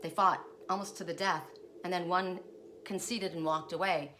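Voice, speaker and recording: A woman's voice: fairly low pitch, fairly even intonation, moderate pace, pushed and bright, slight background noise. A woman telling spiritual stories in a casual vlog, emotional and rambling, often ending her sentences with "right?". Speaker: spiritual guidance storyteller.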